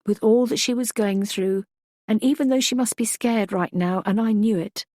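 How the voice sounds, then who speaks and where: A woman narrating a first-person audiobook in a measured, reflective way. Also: mid-range voice, warm tone, no room sound, clean studio sound.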